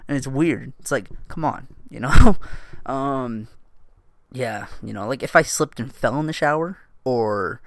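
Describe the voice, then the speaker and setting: A man's voice: mid-range voice, unhurried, vocal fry, fairly bright tone, dry recording. A man hosting a solo podcast in loose casual chat, swearing and laughing often as he drifts from thought to thought. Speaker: podcast host.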